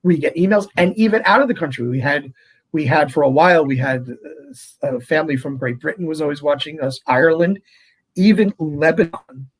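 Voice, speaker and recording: A man who is a priest, talking in a casual interview and telling stories in a chatty, animated way. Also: a little high, fairly quick, breathy edge, rough recording. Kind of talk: conversational interview.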